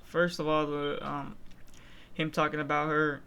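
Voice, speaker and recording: A man's voice: on the high side, level tone, unhurried, sharp tone, clean tone. A man hosting a reaction channel, talking casually and hesitantly with many fillers. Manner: hesitant, lots of fillers and restarts.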